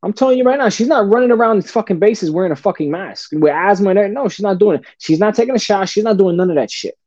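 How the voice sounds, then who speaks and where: A middle-aged man with a Bronx accent talks in blunt street slang and swears freely. His voice sits high for a man and sounds dull and lo-fi in a dry, close setting. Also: expressive, very fast, darkish tone, dry recording. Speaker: podcast guest. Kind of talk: casual interview talk.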